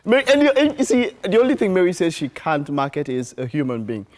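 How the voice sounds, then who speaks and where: A man co-hosting a live morning TV show, who jokes and teases in an animated way. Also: a little high, fast. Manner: jokey, laughing, animated teasing. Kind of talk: live breakfast TV banter.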